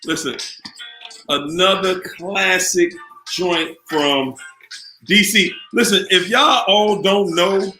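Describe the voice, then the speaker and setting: A man from the Washington, D.C. area hosting a casual live online show, chatty and upbeat as he shouts out viewers by city. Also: high-pitched, slow, echoey room, faint music behind, rough recording. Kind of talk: casual live-stream chat.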